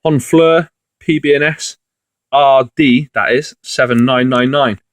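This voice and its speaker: A man's voice: mid-range voice, steady tone, measured pace, background noise. A man talks casually through his finds as a reseller vlogger, rambling along with lots of fillers and restarts. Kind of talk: casual video commentary.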